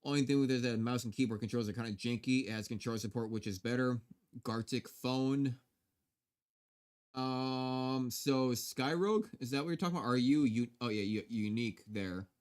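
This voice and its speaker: A man's voice: mid-range voice, moderate pace, a little mellow, smooth. A man live-streaming a game, chatting casually with viewers and swearing now and then. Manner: laid-back, swears casually, talks to viewers.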